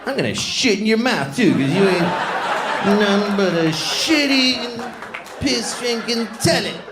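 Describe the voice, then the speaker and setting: A man's voice: high voice, animated, a little slow, pitched above the performer's own voice. A man voicing a crude, foul-mouthed man who growls taunting insults at a toilet. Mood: taunting, contemptuous. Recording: echoey club with crowd noise.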